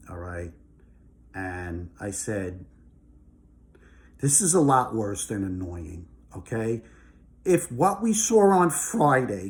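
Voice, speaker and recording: A man's voice: lowish voice, a little mellow. Heated man ranting about markets. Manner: heated, emphatic, repeats "okay?" and "all right?". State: angry. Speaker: market commentator. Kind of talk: casual ranting monologue.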